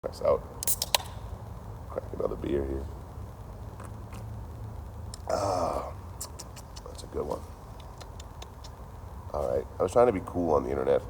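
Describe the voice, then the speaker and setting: Deep-voiced man with a dry, joking delivery. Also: takes it slowly, pauses often, a little mellow, slight background noise. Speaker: livestream host. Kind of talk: casual livestream chat.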